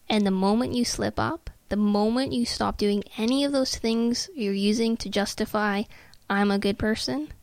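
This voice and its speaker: A woman hosting a self-help podcast, speaking in a slow, measured and soothing way that sometimes sinks to a near-whisper. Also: medium pitch, vocal fry, dry recording. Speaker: podcast host.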